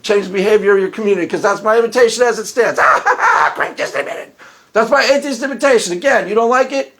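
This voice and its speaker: A man's voice: high voice, very fast. A man hosting his own channel, giving blunt, mocking, emphatic solo commentary and repeating phrases for effect. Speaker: channel host.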